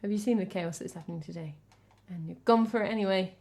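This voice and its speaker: A woman's voice: mid-range voice, quick pace, a little mellow. An English woman from England, a music streamer chatting casually between songs, reading chat and thanking viewers in a chatty, self-deprecating way.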